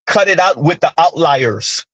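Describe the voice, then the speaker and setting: Man, thirties, high voice, dry close sound, animated sarcastic commentary. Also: measured pace, breathy edge, no echo, muffled recording. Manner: animated, ranting, sarcastic asides. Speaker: commentary channel host. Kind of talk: casual commentary monologue.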